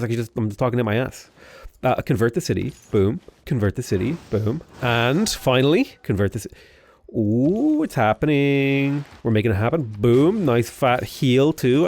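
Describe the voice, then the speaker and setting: A man's voice: medium pitch, darkish tone. A young man chatting casually while playing a strategy game, rambling into jokey asides. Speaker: gaming YouTuber. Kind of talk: casual gameplay commentary.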